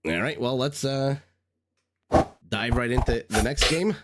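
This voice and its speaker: A man's voice: mid-range voice, measured pace, very noisy. A man recovering from a cold, chatting through live game commentary, thinking aloud and greeting viewers. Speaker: game caster. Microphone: desk microphone.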